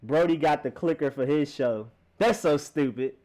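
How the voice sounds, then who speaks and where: A young man hosting a live stream, chatting casually and playfully with viewers in a rambling way. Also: normal speed. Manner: rambling, playful, lively swings in pitch.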